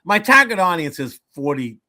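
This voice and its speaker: A man in his seventies chatting as a comedian guest in an interview. He tells jokes with animated delivery, putting on little voices for the people in them. His voice is bright and forceful. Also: high-pitched, normal speed. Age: 70s. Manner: animated joke-telling, acts out voices. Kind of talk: casual interview storytelling.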